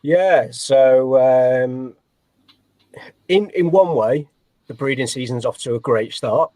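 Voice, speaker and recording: A man talks as a guest on a casual podcast. He rambles and restarts often, joking at his own expense. The sound is dry and close, at a middling pitch. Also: takes it slowly, dark tone, no room sound. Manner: self-deprecating, rambling, many fillers and restarts. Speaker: guest, snake breeder. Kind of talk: casual interview chat.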